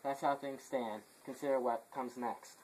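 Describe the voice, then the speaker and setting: A man's voice: mid-range voice, fairly even intonation, moderate pace, darkish tone, slight background noise, natural voice, low-quality recording. A man reading a stumbling messenger. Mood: grim. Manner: stumbling over words, restarts, stifled laughs. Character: messenger reporting deaths to the royal house. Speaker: actor in an amateur play. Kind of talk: amateur dramatic reading.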